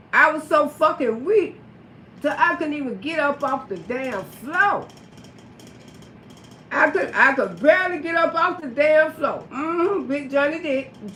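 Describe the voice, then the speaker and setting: High, bright-voiced woman telling a profane story. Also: roomy sound, a little hiss or hum. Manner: profane, animated, laughing often. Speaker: livestream storyteller. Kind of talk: casual storytelling on a livestream.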